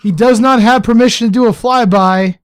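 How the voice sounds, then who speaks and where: A man voicing a loud, theatrical mock sports announcer, slow and grand. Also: very high voice, clean tone, pitched above the performer's own voice.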